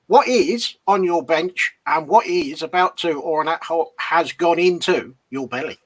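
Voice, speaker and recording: A man's voice: a little high, a little slow, dry recording. A man co-hosting a casual live stream, teasing his partner with jokey remarks. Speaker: co-host.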